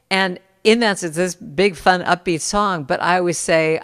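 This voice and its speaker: A middle-aged woman in a casual conversation, telling stories and acting out what people said in lively bursts. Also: on the low side, normal speed, hardly any pauses, big-room sound. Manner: animated storyteller, acts out quotes. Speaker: musician guest.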